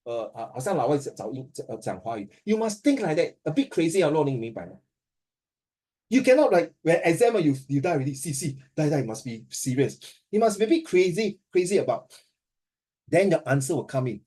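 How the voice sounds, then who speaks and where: Singaporean man as a teasing, language-mixing tutor, warm relaxed timbre. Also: fairly high pitch, fairly quick, slightly rough. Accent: Singaporean English. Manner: playful and teasing, switches between languages. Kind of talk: casual one-on-one tutoring.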